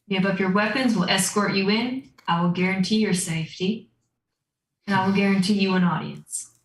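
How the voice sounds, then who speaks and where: A man's voice: sits high, fairly bright tone, reverberant, low-quality recording. A woman voicing a guarded male bandit second-in-command in a put-on Southern drawl, firmly setting terms. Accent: attempted Southern US. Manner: firm, bargaining, gives orders.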